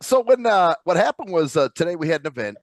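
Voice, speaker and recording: A man's voice: on the high side, fast. A man co-hosting a casual podcast over a video call from home, telling stories with plenty of swearing. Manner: profane animated storyteller. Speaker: podcast co-host. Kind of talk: casual chat.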